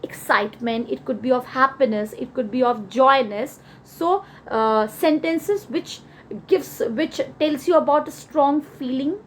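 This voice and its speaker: A woman with an Indian English accent teaching an English grammar lesson, explaining each example slowly and repeating key words. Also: high-pitched, a little hiss or hum. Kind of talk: grammar lesson over slides.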